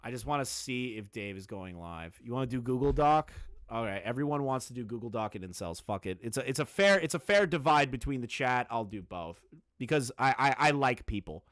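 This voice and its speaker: A man's voice: mid-range voice, fairly quick. Guy streaming, swearing and mocking stuff, voice jumps all over the place. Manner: crude, mocking, excitable. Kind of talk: live-stream commentary.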